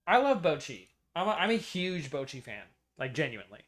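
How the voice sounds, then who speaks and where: A man's voice: on the high side, very animated, a little fast. An American man streaming, chatting casually and playfully arguing, muttering to himself while he debugs code. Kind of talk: casual livestream chat while coding.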